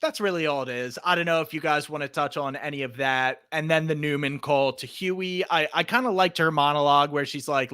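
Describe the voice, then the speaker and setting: A man co-hosting a podcast, recapping an episode in an animated, joking way. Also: a little high, brisk, hardly any pauses, clean tone, dry recording, studio quality. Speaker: podcast co-host.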